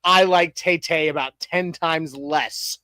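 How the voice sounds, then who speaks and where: High-voiced rambling sports talk host. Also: male voice, fairly even intonation, takes it slowly, pushed and bright, no echo, rough recording. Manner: rambling, lots of restarts and fillers, joking. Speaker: podcast co-host. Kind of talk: casual sports talk show chat.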